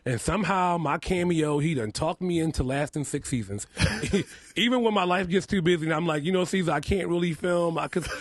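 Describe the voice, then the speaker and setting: A man's voice: fairly high pitch, brisk, dry recording. A man with a lisp, a guest on a casual radio interview, talking candidly, laughing often and repeating himself. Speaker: interview guest, makeup artist. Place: radio studio.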